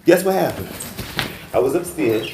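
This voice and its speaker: A man in a heated argument in a hotel room, talking loudly in a rambling, profane, erratic way. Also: medium pitch, lively intonation, moderate pace, far from the mic. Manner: loud, rambling, profane, erratic, breaks into sing-song. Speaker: unwanted guest in a hotel room. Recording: echoey room with background noise.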